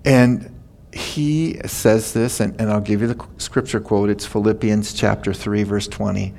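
A man's voice: on the low side, steady tone, unhurried, creaky, mellow. An older man preaching a sermon, telling stories in a folksy, chatty way. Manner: folksy storytelling, laughing at his own stories. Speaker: pastor.

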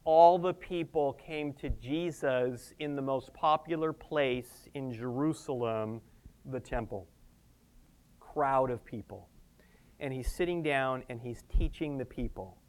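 A man preaching a sermon with passion, swinging between loud emphasis and hushed tones, with casual humorous asides. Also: mid-range voice, slow.

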